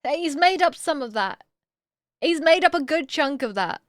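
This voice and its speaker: A woman streaming casually to her chat, talkative and quick to swear. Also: sits high, faint music behind. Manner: chatty, swears freely, lively.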